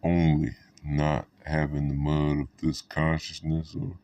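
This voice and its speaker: A man's voice: very deep voice, flat delivery, measured pace, warm tone, no echo, distant mic. A man giving a rambling, profane monologue to the camera, laughing between thoughts. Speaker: vlogger.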